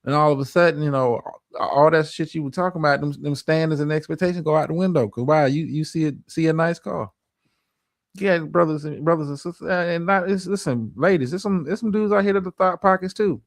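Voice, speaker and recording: A man's voice: fairly high pitch, brisk, gravelly, no echo, studio quality. A man hosting a livestream, reacting to a clip with profane, stammering, preachy relationship advice. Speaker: streamer host.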